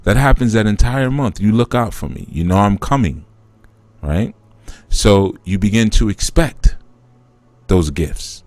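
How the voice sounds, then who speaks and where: A man's voice: on the low side, lively intonation, a little slow, darkish tone, no echo. A man hosting a live spiritual teaching talk, explaining through a conversational parable that he acts out.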